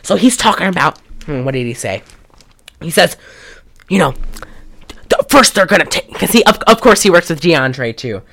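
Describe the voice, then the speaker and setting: Animated sarcastic woman with a gravelly edge. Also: lowish voice, normal speed, long pauses. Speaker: podcast co-host recapping a film. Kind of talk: casual comedic recap.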